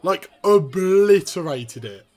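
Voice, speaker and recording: A man reacts live, his voice sitting high. He talks slowly and excitedly, repeating words, restarting sentences and bursting into shouts. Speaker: video host reacting to a wrestling event.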